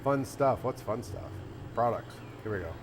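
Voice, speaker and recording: A man's voice: medium pitch, animated, normal speed, noisy background. A man who owns an arcade, chatting casually on a livestream and thinking aloud as he goes. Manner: rambling, thinking aloud with restarts. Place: arcade café interior.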